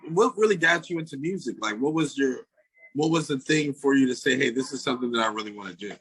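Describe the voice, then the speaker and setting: A man's voice: mid-range voice, expressive, quick pace, fairly bright tone, breathy edge, no echo, low-quality recording. A man hosting a show, interviewing a guest in an upbeat, friendly way. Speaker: show host. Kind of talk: casual interview.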